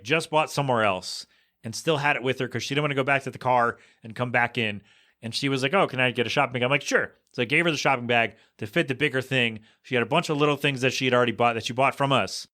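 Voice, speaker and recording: A man hosting a podcast, rambling casually through a story and acting out what people said. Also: mid-range voice. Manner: animated storytelling, acts out quoted voices. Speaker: podcast host.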